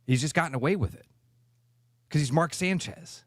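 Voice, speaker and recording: A man's voice: a little high, normal speed, no echo, clean studio sound. Blunt, ranting radio co-host man. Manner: blunt, emphatic ranting with crude language. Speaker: radio sports talk co-host. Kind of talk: opinionated sports radio banter.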